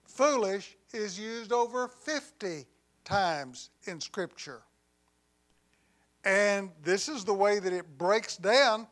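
A man preaching a sermon with deliberate delivery, swinging from loud emphasis to near quiet on key lines, with humorous asides. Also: high-pitched, lively intonation. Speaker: pastor.

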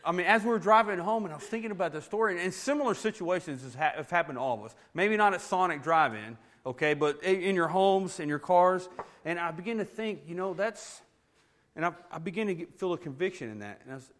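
A middle-aged pastor, telling a funny family story in a folksy, animated sermon and laughing as he goes. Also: fairly high pitch.

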